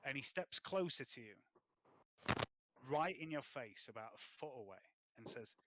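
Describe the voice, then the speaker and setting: A man narrating a tabletop game as game master, in slow, plain narration. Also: medium pitch, animated, pushed and bright, poor audio.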